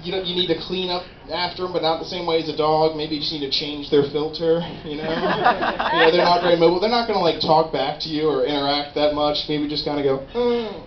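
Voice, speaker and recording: A young man with a fairly high voice does a rambling, animated stand-up routine, swearing freely. The recording is roomy and dull, with steady noise behind him. It sounds like a small live comedy venue. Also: fast talker, few pauses, a crowd in the background. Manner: rambling, animated, profane storytelling.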